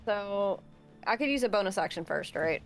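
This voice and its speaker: A woman's voice: medium pitch, animated, normal speed, soft background music. A woman playing a tabletop game, a bit unsure, checking the rules aloud before each move. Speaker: player. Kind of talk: casual tabletop game play.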